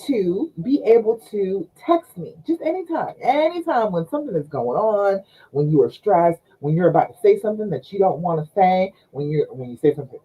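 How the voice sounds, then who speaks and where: A woman's voice: medium pitch, slightly rough. A woman relationship coach talking to viewers on a live stream, chatty and coaxing, checking in with "okay?" often. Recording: dull lo-fi live-stream audio.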